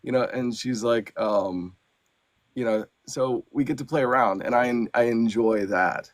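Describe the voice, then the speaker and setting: A man, an audiobook narrator and actor, chatting as a podcast guest in an animated way with lots of fillers. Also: medium pitch, unhurried, dry recording, clean studio sound. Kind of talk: casual podcast chat.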